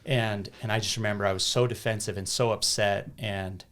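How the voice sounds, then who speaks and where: A man's voice: lowish voice, steady tone, brisk, a bit bright. An American man in his thirties, a podcast guest telling a personal story in earnest, casual talk with many restarts and repeated words. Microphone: podcast studio microphone.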